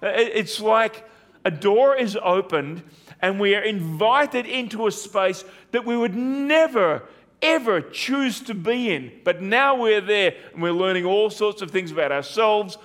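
A man delivers a sermon in a fairly high voice. He preaches earnestly, repeating phrases and posing rhetorical questions to his listeners. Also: animated, a little slow, a bit bright. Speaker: pastor.

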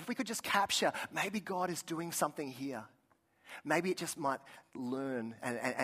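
A young man delivering a sermon like a story told to friends, his voice sitting a touch higher than most men's. He restarts his sentences often and drops to a hush to press a point home. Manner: conversational, storytelling, frequent restarts, drops to a soft voice for emphasis. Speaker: pastor.

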